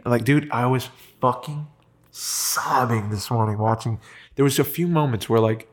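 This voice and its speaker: A man's voice: mid-range voice, moderate pace. A man in casual chat, emotional and swearing often, acting out the people in his story. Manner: emotional, swears freely, acts out quoted lines.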